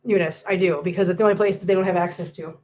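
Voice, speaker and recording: A woman's voice: fairly low pitch, steady tone, rapid-fire, darkish tone, lo-fi sound. A woman hosting a casual live-stream chat, talking in long rambling runs and repeating herself. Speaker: host of a cat channel live stream.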